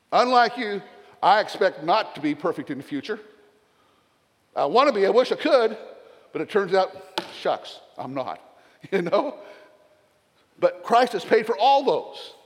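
Older Southern man, retired pastor, folksy sermon with joking asides, fairly high voice, church reverb.

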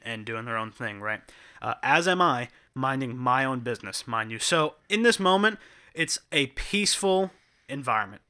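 A young man co-hosting a podcast, telling an animated story with lots of laughs and restarts. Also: mid-range voice, smooth. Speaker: podcast co-host. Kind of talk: casual chat. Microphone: headphones and studio mic.

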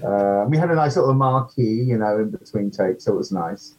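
A man's voice: lowish voice, lively intonation, brisk, darkish tone, faint music behind. A British man, an actor being interviewed, chatting casually and acting out what people said. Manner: chatty storyteller, acts out quotes. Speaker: actor guest. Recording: dull lo-fi audio.

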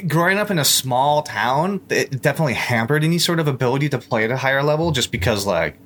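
A man's voice: medium pitch, animated, fast talker, fairly bright tone. A young man, a podcast guest, talking in a loose, rambling way with lots of fillers and restarts. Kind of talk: casual chat.

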